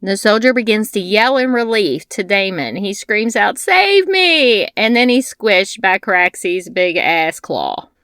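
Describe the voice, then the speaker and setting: A woman's voice: mid-range voice, expressive, a little slow, hardly any pauses, fairly bright tone, smooth, no echo, studio quality. A woman hosting a scripted TV episode recap, dropping wry, blunt asides and casual swearing. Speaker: TV recap host.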